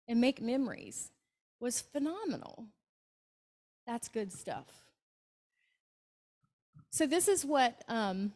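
Southern lady hospice nurse telling stories at a club meeting, chatty, does the voices of people in her stories. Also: a little high. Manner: warm anecdotal storytelling with acted quotes. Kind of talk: storytelling talk to a club. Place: meeting room, hybrid meeting.

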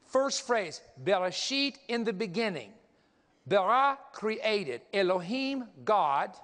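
A man's voice: high-pitched, big pitch swings, slow, fairly bright tone. A man preaching a sermon, teaching energetically, counting aloud and pointing things out as he goes. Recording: long hall reverb.

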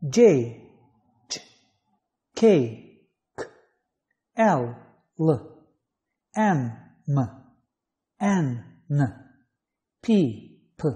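A male English teacher works through a phonetics lesson, reading each letter and example word on its own. His delivery is very slow and deliberate, with a dark, mellow tone. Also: fairly high pitch. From Azerbaijan. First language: Azerbaijani. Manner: slow, measured reading of letters and example words one at a time.

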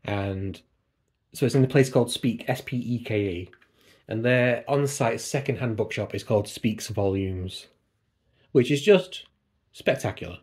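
Recorded at home beside his computer, a man talks casually on his book vlog, digressive and self-deprecating. He speaks at medium pitch, a little slowly, with a husky, slightly mellow sound.

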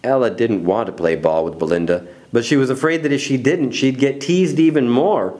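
A man reading a children's picture book aloud in an expressive, animated way. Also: mid-range voice, normal speed. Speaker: storybook reader.

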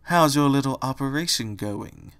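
A man doing a slow, malicious female cat. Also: medium pitch, expressive, fairly bright tone, clear, resonant tone. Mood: mocking. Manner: slow, sly and mocking.

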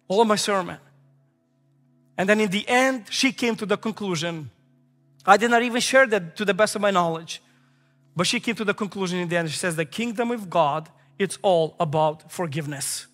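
A man in his thirties preaching from the pulpit, emphatic and repetitive as he builds his points. His voice sits high for a man. Long reverb from a large sanctuary carries it, with faint music under it. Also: a bit bright. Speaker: pastor. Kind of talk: sermon. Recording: echoey hall with faint music.

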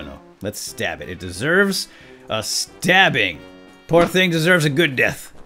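Goofy excitable man narrating gameplay. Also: medium pitch. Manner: goofy, talks to himself and his vehicle, sudden excited yelps. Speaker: gaming let's-play host. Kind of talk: playful gameplay commentary.

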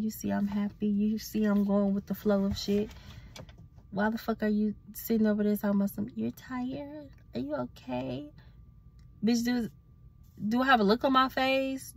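A woman's voice: medium pitch, creaky. A sleepy woman, ranting bluntly and profanely in a casual vlog as a self-reflection coach. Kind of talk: casual vlog talk to camera.

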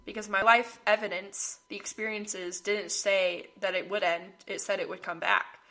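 A young woman speaks earnestly to her listeners, sharing her own struggles and reading from her past journals. Her voice is bright and clear. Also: medium pitch, level tone, moderate pace. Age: young adult. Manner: earnest, reading aloud from old journal entries. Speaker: podcast host. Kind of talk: personal reflective monologue.

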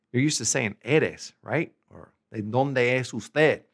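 American guy teaching a language lesson online, upbeat and chatty, goes slow on the examples. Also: mid-range voice, creaky. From United States. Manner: upbeat, conversational, stretches out example words slowly.

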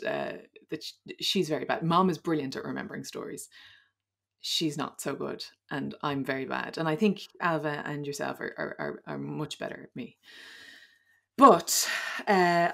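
A woman's voice: low voice, expressive, normal speed, creaky, fairly bright tone. An Irish woman in her thirties, a podcast guest telling childhood stories in casual chat, rambling and laughing often.

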